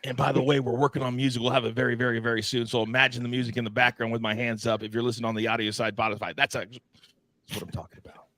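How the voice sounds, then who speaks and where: A man hosting a live sports betting show, teasing his co-hosts and reading chat in a playful, animated way. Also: medium pitch, racing, dry recording. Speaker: host.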